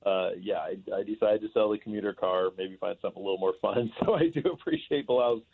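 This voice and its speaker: A man rambles on as a guest in a loose, casual interview, his speech full of "uh" and "you know" fillers. His voice sits a little low. It comes through a thin, tinny phone line. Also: fast talker, breathy edge. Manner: talkative, rambling with many fillers.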